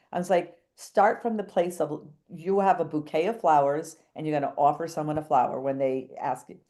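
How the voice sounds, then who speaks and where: A woman's voice: sits low, dark tone. Chatty New woman telling a story. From New England. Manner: chatty, jumps between thoughts, acts out quoted dialogue. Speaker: real estate agent, podcast guest. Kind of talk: animated storytelling in a podcast interview.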